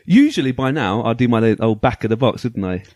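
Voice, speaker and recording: Animated man hosting a podcast. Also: mid-range voice, brisk, no echo. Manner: animated, enthusiastic, laughs easily. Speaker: podcast host. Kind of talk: casual podcast chat and reading aloud.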